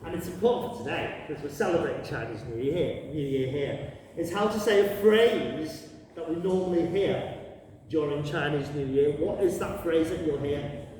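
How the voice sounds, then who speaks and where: A man leading a playful lesson for children, drawing out tones in an animated teacherly way. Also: on the high side, moderate pace, a little hiss or hum. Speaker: workshop leader teaching Cantonese greetings. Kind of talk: lively lesson for children and families. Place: large gallery hall with crowd. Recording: echoey hall, recorded from far off. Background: crowd of listeners.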